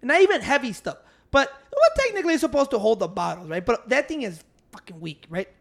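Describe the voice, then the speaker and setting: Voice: mid-range voice, sing-song, fast, gravelly. A speaker telling a rambling story in casual chat, swearing and acting out what others said.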